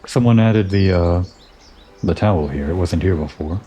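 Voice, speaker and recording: A man giving relaxed, musing commentary over a game playthrough, thinking aloud and talking to the character he plays. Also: low voice, normal speed, muffled recording, background noise. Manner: musing, talks to himself and the character. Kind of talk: relaxed let's-play commentary.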